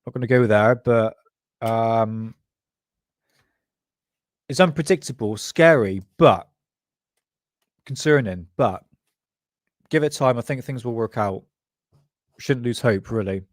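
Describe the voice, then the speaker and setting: A man's voice: medium pitch, animated, unhurried, long pauses, no echo, studio quality. A man from England hosting a casual livestream, rambling, sarcastic and self-deprecating. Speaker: host.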